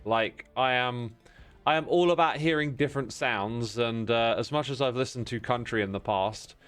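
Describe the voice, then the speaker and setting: A man with a hoarse, worn voice talks casually at his desk mic while he streams a game. He rambles in a mid-pitched voice and greets his chat by name. Faint music plays behind him. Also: normal speed, fairly bright tone. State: hoarse from festival screaming. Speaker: livestreamer.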